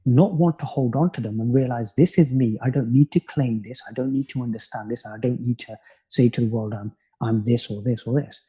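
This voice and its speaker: Direction Calm, husky British-born man musing softly. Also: medium pitch, fairly quick. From United Kingdom. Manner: calm, musing, many "you know" fillers. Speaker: spiritual teacher, guest. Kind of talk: reflective conversational podcast talk.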